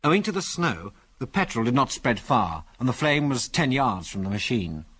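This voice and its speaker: A man's voice: mid-range voice, normal speed, slightly rough. A man narrating an adventure story in a dramatic, storytelling manner. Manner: dramatic storytelling, animated delivery.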